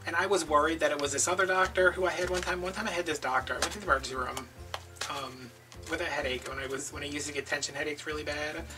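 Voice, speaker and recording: A man telling a long casual story while he crafts at home, chatty and animated. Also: fairly high pitch, fast talker. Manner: animated, chatty, slips into quoted voices. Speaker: craft video host. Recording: distant mic with background music.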